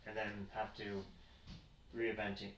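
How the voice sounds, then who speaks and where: A man in a casual manga chat as the guest, measured and hesitant, with many ums. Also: fairly low pitch, completely flat delivery, fairly bright tone. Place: bedroom. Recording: roomy, from far off, faint background hum.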